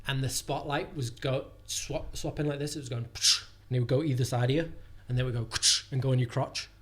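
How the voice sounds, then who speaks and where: A young man tells a story in loose, casual chat. He rambles and swears freely, fills every gap with "like", and his voice sits at an ordinary middle pitch. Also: steady tone, a little fast, husky. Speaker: comedian guest. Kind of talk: casual anecdote telling.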